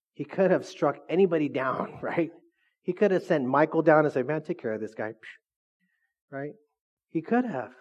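Joking pastor man, lo-fi sermon. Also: a little high. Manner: joking, call-and-response with the congregation. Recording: dull lo-fi recording.

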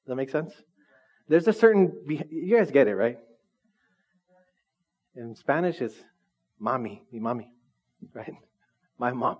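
A man preaching a sermon to a congregation in a relaxed, conversational way, often asking the room questions. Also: mid-range voice, unhurried, pauses often, husky, lo-fi sound. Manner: conversational, lively, asks the audience questions. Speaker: pastor. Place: church hall with congregation.

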